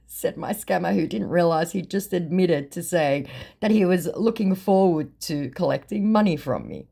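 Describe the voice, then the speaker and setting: A woman's voice: lowish voice, big pitch swings, moderate pace, creaky, warm tone, husky. A woman casually telling a story, with dry, sarcastic amusement. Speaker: vlogger reading scam chats. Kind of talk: casual chat.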